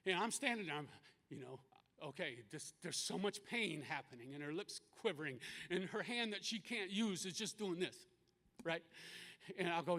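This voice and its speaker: A man giving an emotional sermon-style testimony at a live event, moving from hushed, halting storytelling to loud, impassioned pleading, repeating and restarting his words. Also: high-pitched, animated, long reverb tail. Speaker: speaker at a concert.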